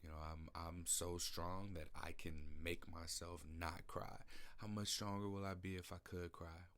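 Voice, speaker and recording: A man's voice: low-pitched, little pitch movement, unhurried, fairly bright tone. A man hosting a podcast, speaking an emotional, searching personal monologue in a studio, often repeating himself. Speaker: podcast host. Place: recording studio.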